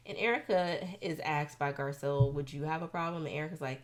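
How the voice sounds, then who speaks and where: A woman hosting a casual reality TV recap, expressive and sassy, throwing in quick asides. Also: low-pitched.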